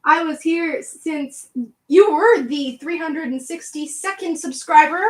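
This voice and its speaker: A young Canadian woman with a southwestern Ontario accent chats on a livestream in a bright, high voice. She comes across bubbly and talkative, laughing often as she reads out and answers her viewers' messages. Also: a little slow, low-quality recording. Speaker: livestream host. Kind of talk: casual livestream chat.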